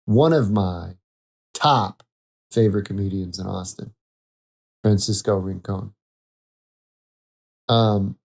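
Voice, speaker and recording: A man's voice: fairly low pitch, mellow. A man hosting a casual solo podcast, rambling, correcting himself and laughing at his own jokes. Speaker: podcast host.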